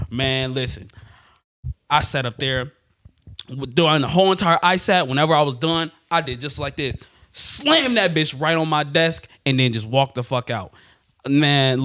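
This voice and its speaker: A man's voice: medium pitch, dry recording, studio quality. Man telling a story with a laugh. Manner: animated, laughing, slangy storyteller. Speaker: podcast co-host. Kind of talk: casual storytelling chat.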